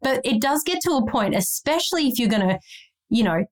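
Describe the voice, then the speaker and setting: Brief: woman podcast co-host, warm-hearted support, animated and playful delivery. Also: fairly high pitch, brisk. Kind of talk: casual chat.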